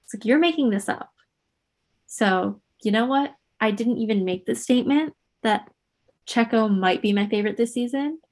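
A woman's voice: normal speed, a little mellow. A woman co-hosting a podcast in casual chat, talkative and acting out what people said. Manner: chatty, acts out quotes with jumps in pitch. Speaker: podcast co-host. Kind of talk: casual chat about motor racing gossip.

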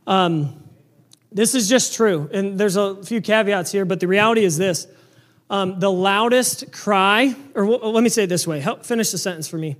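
A young man preaching a sermon to his congregation in an animated, conversational way, full of rhetorical questions. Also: sits high, moderate pace. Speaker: pastor.

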